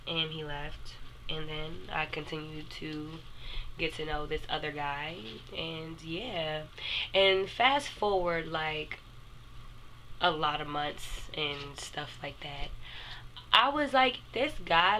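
A young woman, casually telling a personal story to her viewers, animated and chatty. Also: deep voice, unhurried, a little hiss or hum. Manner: animated, addresses viewers as "y'all". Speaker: vlogger.

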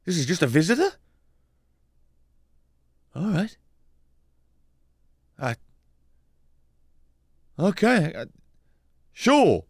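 A young man giving sarcastic, swearing commentary while playing a game, with sudden loud outbursts. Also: sits high, sing-song, slow pace, gravelly, long pauses, faint music behind. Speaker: gaming YouTuber. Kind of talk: let's play commentary.

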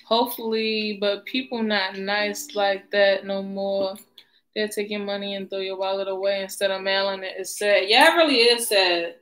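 Chatty woman, bright voice. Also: medium pitch, steady tone, moderate pace, poor audio. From Baltimore. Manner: chatty, addresses viewers in slang. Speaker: livestream host. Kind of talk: casual live-stream chat.

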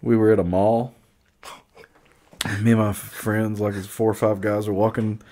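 A man's voice: fairly low pitch, flat delivery, normal speed, dark tone, slight background noise. A young man co-hosting a podcast in casual chat, joking and teasing and putting on mock voices. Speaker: podcast co-host.

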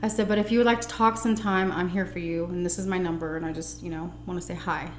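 A woman's voice: on the low side, steady tone, fast talker, echoey room, a little hiss or hum. A young adult woman chatting animatedly as she tells a personal story and acts out the dialogue. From United States. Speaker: vlogger. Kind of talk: storytelling while eating.

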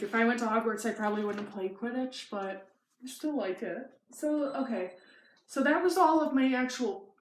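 A young woman talks through her gifts in a loose, giggly way, with lots of "um" and "like". She is recorded in an echoey room with a faint hiss behind her. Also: medium pitch. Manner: chatty and giggly, with many fillers. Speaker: vlogger. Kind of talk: casual haul chat.

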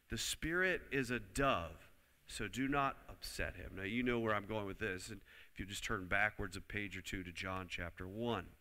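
A low-pitched male preacher with a forceful, bright-edged voice delivers an emphatic sermon. He drives home key lines and has the congregation repeat them. A long reverb trails after his words in a church hall.

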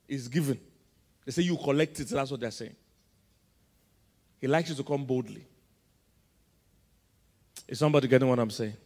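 Nigerian male pastor, lively call-and-response sermon, higher-pitched, reverberant church hall. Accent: Nigerian English. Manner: call-and-response preaching, quizzing the congregation. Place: large church auditorium.

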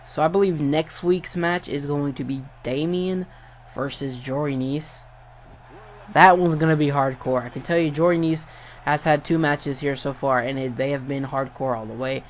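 A young man giving casual play-by-play commentary over a wrestling video game, getting excited and swearing at big moves. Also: on the high side, moderate pace, slight background noise. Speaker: gameplay commentator.

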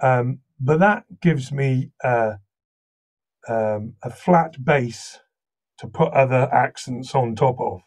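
A man's voice: mid-range voice, slow. Welsh-accented man telling stories. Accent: slight Welsh. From Wales. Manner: lively anecdotal storyteller. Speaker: guest voice actor. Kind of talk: casual interview chat.

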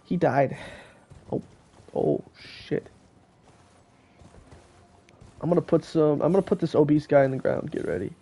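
During his game stream, a teenage boy chats and jokes with friends on a call. He speaks at a moderate pace in a warm, somewhat high voice with some vocal fry.

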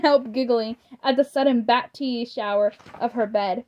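A woman's voice: on the high side, darkish tone. A woman reading a children's book aloud, who stumbles over words and apologizes as she goes. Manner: slow, stumbling, apologizes for misreadings. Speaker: storybook reader. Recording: slightly muffled lo-fi audio.

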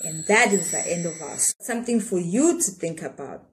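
A woman reading a children's storybook aloud in an expressive way, with dramatic pauses. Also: on the low side, slight background noise.

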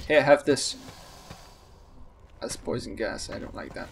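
Gamer guy yelling and cursing at his game, voice jumping all over, slow drawl between panics. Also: medium pitch, creaky, a little hiss or hum. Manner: excitable, panicky, swears a lot. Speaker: gaming channel host. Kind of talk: let's-play commentary.

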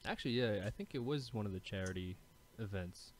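A man from Indonesia co-hosting a podcast, chiming in softly with remarks in casual chat. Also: on the low side, animated, fairly quick. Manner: soft-spoken, chiming in with remarks. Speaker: podcast co-host.

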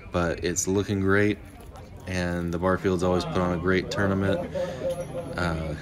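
A man hosting a disc golf video, giving easygoing, upbeat narration outdoors at a park. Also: deep voice. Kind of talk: casual vlog narration.

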